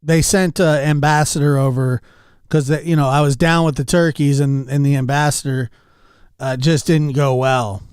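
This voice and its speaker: A man's voice: fairly high pitch, steady tone, normal speed, darkish tone, clear, resonant tone, dry recording, clean studio sound. A man chatting casually with his stream chat, telling rambling anecdotes and calling out viewers by name. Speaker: livestreamer.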